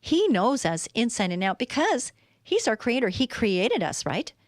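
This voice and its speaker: A woman's voice: on the high side, very animated, a little slow, no echo, studio quality. A middle-aged woman hosting a live stream, giving a heartfelt devotional talk full of rhetorical questions. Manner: heartfelt, earnest, asks many rhetorical questions. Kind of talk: faith-based devotional talk.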